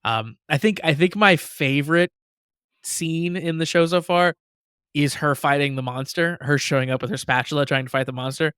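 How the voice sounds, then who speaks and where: A man's voice: fairly high pitch, steady tone, moderate pace, a bit bright, smooth, no room sound. A man with a slightly raised voice co-hosts a casual podcast. He gushes with enthusiasm and leans on loose fillers. The sound is dry and close, with no room around it. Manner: gushing, enthusiastic, many "like" fillers. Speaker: podcast co-host. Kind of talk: casual chat.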